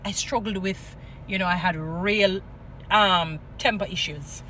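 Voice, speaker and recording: Fiery, bright-voiced Jamaican woman preaching. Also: medium pitch, unhurried, slight background noise. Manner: animated, preachy, mixes patois and English, scolding. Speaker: vlogger. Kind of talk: impassioned commentary with Bible stories.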